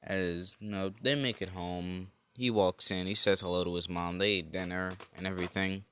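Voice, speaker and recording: A man's voice: sits low, steady tone, moderate pace, a bit bright, a little hiss or hum. A man casually improvising a fan-made story, rambling and correcting himself as he goes.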